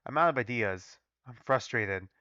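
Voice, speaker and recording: A man reading aloud, low and quick, as a frustrated young male researcher who speaks flatly and formally, on a dull, dry recording. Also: no room sound.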